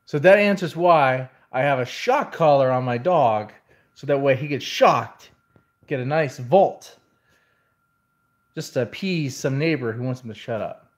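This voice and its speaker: A man's voice: medium pitch, expressive, measured pace. A man venting in a casual vlog, telling a rambling story in an exasperated way. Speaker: vlogger.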